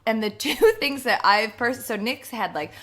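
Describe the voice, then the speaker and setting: A young adult woman co-hosting a podcast in casual chat, telling stories with animated quoted voices and casual swearing. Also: fairly high pitch, normal speed. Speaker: podcast co-host.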